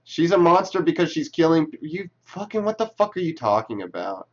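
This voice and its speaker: A man's voice: a little high, very animated, a little fast, highs cut off. A man reading tweets aloud and talking back to them in casual, sarcastic, profane commentary. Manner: sarcastic, profane, talks back to what he reads.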